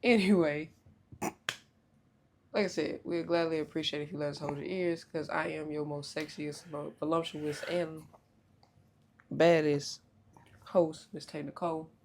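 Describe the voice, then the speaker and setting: A young woman hosting a podcast in casual chat, loud, joking and profane, with big swoops in pitch. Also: fairly even intonation, unhurried, long pauses, a little hiss or hum. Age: young adult. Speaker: podcast host.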